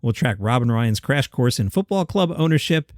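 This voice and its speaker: A man's voice: mid-range voice, expressive, moderate pace, darkish tone, dry recording, studio quality. A man hosting a solo comedy news podcast, reading items with wry, jokey asides. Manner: wry, jokey asides between read-out quotes. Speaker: podcast host.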